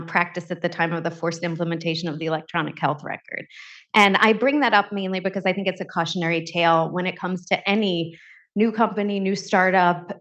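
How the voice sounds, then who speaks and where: A woman physician on a panel, speaking in an earnest, measured and cautionary way. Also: fairly low pitch, fairly bright tone, dull audio. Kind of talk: panel discussion.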